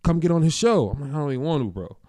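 Man, casual chat, fast talker, animated storyteller, acts out quoted dialogue, slangy laid-back delivery, very lively pitch, dry close sound. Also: no echo.

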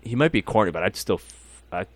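A man's voice: lowish voice, animated, a little fast, no room sound. A young man chatting casually on a podcast, rambling, swearing freely and laughing often. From Mexican-American. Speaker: podcast host.

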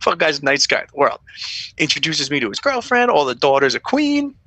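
A young adult man, a former police officer, telling stories as a podcast guest in a lively, profane way, acting out quotes in a raised voice. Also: on the high side, fairly quick, no echo. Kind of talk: animated storytelling.

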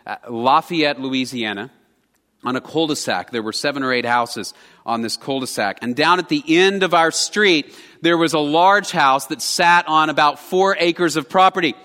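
A man preaches a sermon in an earnest, conversational storytelling manner. His voice sits high and bright. It rings out in a church hall with a long, lingering reverb. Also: normal speed. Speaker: pastor. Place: church sanctuary.

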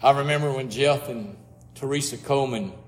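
A man preaching a sermon as pastor, slow and reflective, sometimes dropping almost to a whisper. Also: mid-range voice, big-room sound.

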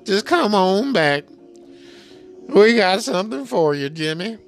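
A man's voice: sits high, sing-song, takes it slowly, soft background music, voice pushed up, full character voice. A man putting on the voice of a smug male health official pushing medications, mocking and sing-song.

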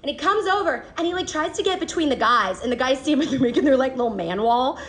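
A woman's voice: sits high, animated, quick pace. A woman telling a personal story on stage to a live audience, laughing often and swearing casually. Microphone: handheld microphone. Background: faint audience.

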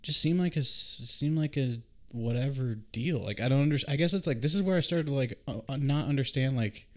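A man's voice: medium pitch, fairly quick. Guy hosting, mid voice, recapping a movie with lots of swearing. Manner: animated retelling with profane asides and acted-out quotes. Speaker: podcast host. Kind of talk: casual chat.

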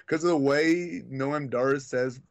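A man's voice: mid-range voice, slow pace, creaky. A man co-hosting a casual wrestling chat, rambling with many restarts and filler words.

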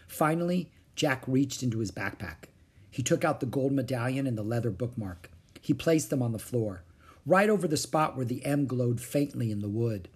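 A husky-voiced man reads a children's story aloud at a moderate pitch. His intonation rises and falls expressively across every sentence, keeping the storybook narration lively. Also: moderate pace. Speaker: audiobook narrator.

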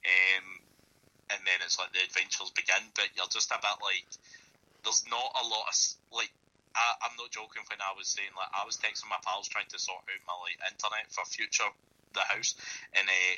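A man's voice: deep voice, level tone, a little fast, bright, forceful tone, rough recording. A man co-hosting a podcast, rambling loosely about a film and swearing casually. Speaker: podcast co-host. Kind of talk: casual film review chat.

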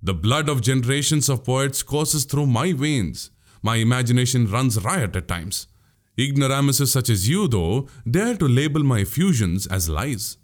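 A man's voice: medium pitch, expressive, normal speed, natural voice. A man voicing a witty, boastful young male warrior in an audiobook, speaking grandly. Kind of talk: audiobook character voice.

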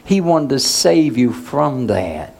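A man's voice: medium pitch, sing-song, slow pace, gravelly, a little mellow. A male pastor preaching in a conversational way, asking the congregation questions and waiting for answers. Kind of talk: sermon.

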